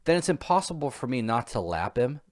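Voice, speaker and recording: A man's voice: medium pitch, very animated, fairly quick, a little mellow. Man, podcast co-host, casual chat, rambling, restarts often, reflective. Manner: rambling, self-reflective, many fillers and restarts.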